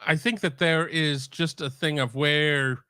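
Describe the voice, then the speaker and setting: A man's voice: a little high, fairly even intonation, unhurried, bright, forceful tone, smooth, no room sound. Rambling middle-aged man, dry mic. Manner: rambling, with many restarts. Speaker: sports podcast host. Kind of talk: casual live-stream chat. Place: home room.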